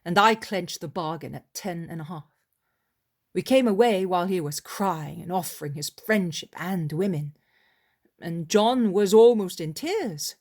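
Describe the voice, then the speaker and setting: A woman reading an audiobook aloud at a slow, deliberate pace. Her pitch moves freely up and down, giving the narration an expressive lilt. Her tone is measured and steady. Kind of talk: audiobook reading of a religious novel.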